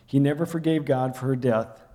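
A man's voice: mid-range voice, fairly quick. A man preaching a sermon, telling a personal story and acting out the raised voices in it. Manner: storytelling, acts out quoted shouting. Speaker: pastor. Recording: long hall reverb.

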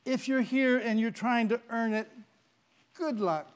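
A male pastor in the middle of a sermon, speaking in a notably high voice. He preaches in an animated, playful storytelling manner. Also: measured pace, clean tone.

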